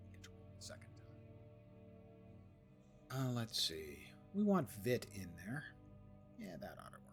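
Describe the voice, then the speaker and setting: Over game music, a man with a medium-pitched, darkish voice chats casually through his gameplay stream. As he plays, he cracks wry jokes about the loot he finds and the storyline.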